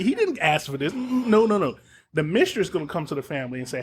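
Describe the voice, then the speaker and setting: A man hosting a casual podcast, retelling a story with animated acted-out lines and plenty of swearing. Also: a little high, quick pace, husky. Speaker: podcast host. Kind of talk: casual chat, retelling a show.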